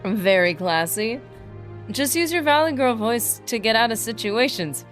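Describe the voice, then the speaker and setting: A woman livestreaming a game, chatting excitedly and casually with her viewers. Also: on the high side, unhurried, soft background music. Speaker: streamer. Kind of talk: casual livestream gaming chat.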